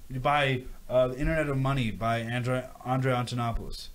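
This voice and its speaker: A man's voice: medium pitch, moderate pace, few pauses. Rambling male livestream host. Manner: rambling, animated rants with repeated phrases. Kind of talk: casual livestream chat reading viewer questions.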